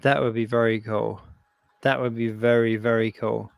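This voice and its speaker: A man's voice: mid-range voice, level tone, normal speed, creaky, clean tone, no echo. A man co-hosting a casual live stream, easygoing and agreeable, often repeating his phrases. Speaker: co-host.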